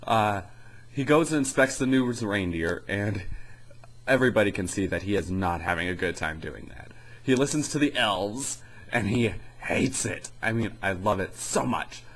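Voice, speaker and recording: A man's voice: fairly low pitch, expressive, moderate pace, fairly bright tone, a little hiss or hum, poor audio. A young man giving a rambling, sarcastic comedy review in casual chat. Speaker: video reviewer.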